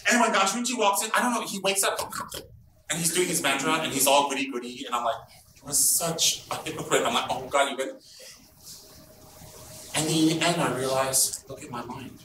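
Animated, teasing man in a roomy hall. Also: a little high, fast talker. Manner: animated storytelling, blunt and teasing. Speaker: Buddhist teacher. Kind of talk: informal dharma talk. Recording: roomy, distant mic, background noise.

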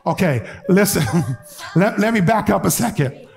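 A man preaching a sermon as bishop to his congregation, telling stories with colloquial asides and moving between loud, lively passages and quiet, hushed urging. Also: high voice, normal speed, gravelly.

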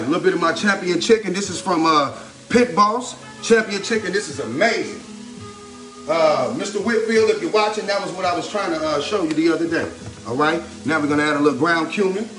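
A man's voice: high-pitched, a bit bright, distant mic. A man hosting his own cooking video, chatting through each step in an upbeat way and repeating a favorite catchphrase as he works at the stove. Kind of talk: casual cooking demonstration. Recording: roomy kitchen echo, mic set back, music underneath. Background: music and frying sizzle.

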